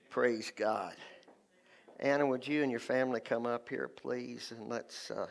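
A man's voice: medium pitch, steady tone, measured pace, gravelly. A man leading a church service as pastor, fervently repeating short phrases for emphasis. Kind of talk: sermon. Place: church sanctuary.

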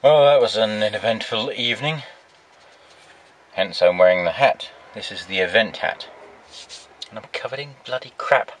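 His voice is on the low side and fairly bright, at a moderate pace broken by long pauses. The trucker vlogs casually beside his truck at night with dry, self-mocking humor, recorded on noisy outdoor camera audio full of traffic and vehicle sounds.

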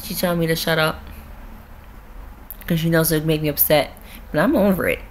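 A woman's voice: sits low, fairly even intonation, a little fast, a little hiss or hum. Blunt, profane young woman venting. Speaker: vlogger. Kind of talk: casual vlog rant. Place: at home with her cat.

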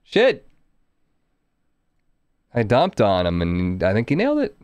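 A man's voice: fairly low pitch, huge pitch swings, a little fast, a little mellow, clean tone, no room sound. A man from Arkansas streaming a card game, chatting to his viewers in a wry, profane way. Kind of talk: casual live-stream game commentary.

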